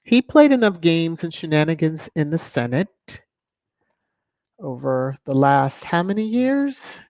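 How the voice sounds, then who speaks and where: A woman's voice: low-pitched, measured pace, no echo. Chatty woman livestreamer with dull lo-fi sound. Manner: chatty, opinionated, expressive. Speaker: livestream host. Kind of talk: casual livestream chat, reading viewer comments. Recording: dull lo-fi home stream audio.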